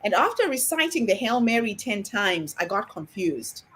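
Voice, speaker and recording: A woman's voice: medium pitch, sing-song, moderate pace, fairly bright tone, slight background noise. A woman candidly sharing a childhood story on a video call. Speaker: summit participant.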